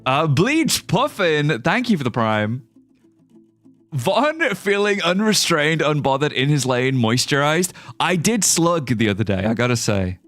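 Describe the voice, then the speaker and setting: English man, young, livestreamer, casual gameplay chat, swears a lot, animated pitch, quiet guitar music in the background. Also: a little slow, no echo. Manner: chatty, swears, laughs often, reads out chat. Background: faint guitar music.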